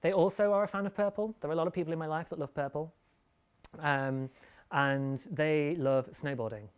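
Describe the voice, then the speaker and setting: A man's voice: on the high side, moderate pace, clear, resonant tone. Male podcast host, casual and rambling, self-deprecating. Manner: chatty, rambling, laughs at himself. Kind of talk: casual live-show chat about knitting.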